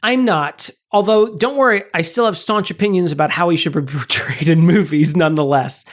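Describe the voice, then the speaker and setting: A man's voice: fairly high pitch, fairly quick. A man co-hosting a movie podcast in casual chat, opinionated and playful with jokey asides. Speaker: podcast co-host.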